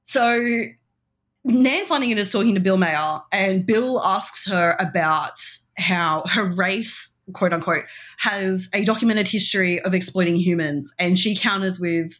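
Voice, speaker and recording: Unhurried and a bit bright, this medium-pitched female voice belongs to a podcast co-host. She chats casually, giggling and rambling with many fillers.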